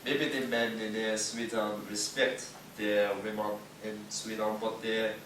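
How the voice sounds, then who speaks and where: A man's voice: on the low side, little pitch movement, a bit bright. A man playing a sexist Frenchman in broken English. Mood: boastful. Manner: halting, many fillers and restarts. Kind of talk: improvised comedy scene. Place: workshop room. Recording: echoey room from far off, faint noise.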